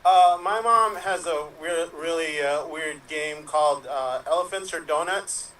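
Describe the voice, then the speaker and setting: Man improv player, hesitant rambler, bright and slightly high voice. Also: a little slow, far from the mic, slight background noise, rough recording. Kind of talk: improv comedy on a video call.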